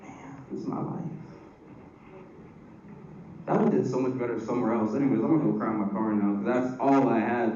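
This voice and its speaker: A young stand-up comedian from Atlanta, Georgia, works a packed club with a crude live set, teasing the crowd. His mid-range voice stays steady, very fast, with hardly any pauses. The audio is roomy and dull, picked up from far off.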